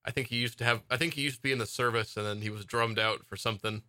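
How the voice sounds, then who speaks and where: Man, podcast co-host, very bright voice, enthusiastic, laughs a lot. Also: medium pitch, fairly even intonation, very fast. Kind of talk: casual chat.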